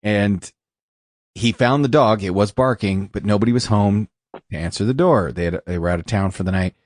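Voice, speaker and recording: A man's voice: lowish voice, normal speed, dry recording. A man hosting a podcast, joking crudely and telling a story about a fellow officer. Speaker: podcast host. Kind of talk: casual podcast chat. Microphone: studio podcast mic.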